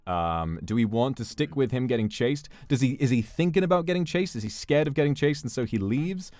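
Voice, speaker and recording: A man hosting a stream, brainstorming a script in a playful, animated way and thinking out loud. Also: mid-range voice, a little fast, soft background music. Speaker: streamer host. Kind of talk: casual brainstorming chat.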